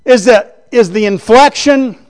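A man's voice: very high voice, unhurried, clean tone. A man preaching a Bible teaching sermon in a conversational way, often checking in with the listeners through rhetorical questions. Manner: writes on a board while teaching.

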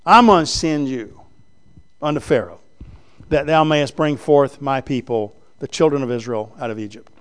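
A man preaching a sermon as pastor, swinging from loud emphatic preaching to hushed, earnest tones and quoting scripture in old-fashioned phrasing. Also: on the high side, normal speed, clear, resonant tone.

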